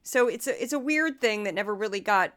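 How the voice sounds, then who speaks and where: A hoarse woman hosting a podcast, talking in a chatty, sarcastic and self-deprecating way. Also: medium pitch, animated, brisk, a bit bright. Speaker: podcast host. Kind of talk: casual commentary podcast.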